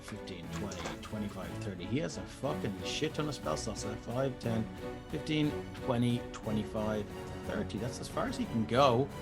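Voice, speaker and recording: A man's voice: medium pitch, expressive, moderate pace, creaky, over loud music. Casual swearing male game master. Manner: casual, swearing, makes sound effects. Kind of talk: narrating a tabletop game on a live stream.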